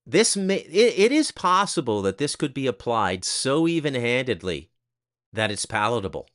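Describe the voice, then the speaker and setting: A man's voice: medium pitch, sing-song, moderate pace, a bit bright. A man hosting a casual commentary monologue, blunt, crude and sarcastic, often tagging "okay?" onto his points. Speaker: host.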